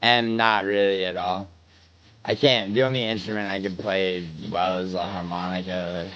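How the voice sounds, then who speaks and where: With music in the background, a livestream host from New York reads chat aloud, answering it with rambling and swearing. He sits low in pitch with fairly even intonation and a moderate pace, his tone a bit bright over dull audio.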